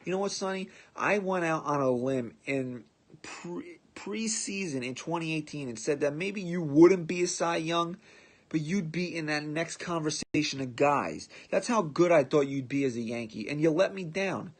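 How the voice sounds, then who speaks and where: A man's voice: a little high, normal speed. A man hosting a podcast, giving a blunt, sarcastic sports rant and mocking the people he talks about. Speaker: podcast host.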